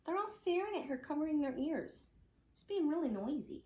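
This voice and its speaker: A woman teacher reads a children's picture book aloud at home, stopping for chatty asides about the pictures. Her voice is fairly high and swings lively up and down. The room around her is noticeably echoey. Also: brisk.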